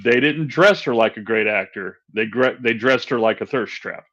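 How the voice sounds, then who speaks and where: A man co-hosts a podcast, talking in a bright, forceful voice as he rants with exasperated energy. The sound is a little dull and lo-fi. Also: medium pitch, normal speed. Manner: animated, exasperated ranting with laughs. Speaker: podcast co-host. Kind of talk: casual chat.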